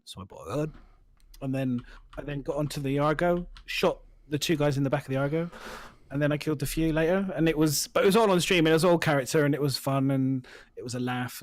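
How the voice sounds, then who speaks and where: A man's voice: medium pitch, no echo. A man telling rambling stories in a casual gaming podcast chat, full of fillers and restarts. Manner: rambling, animated storytelling with frequent fillers. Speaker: podcast host.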